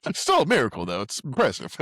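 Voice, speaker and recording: Male co-host, lively swooping voice, eager agreement, dry close mic. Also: sits high, breathy edge, dry recording. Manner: lively, chimes in with quick agreement and animated quotes. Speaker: podcast co-host. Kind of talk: casual movie recap chat.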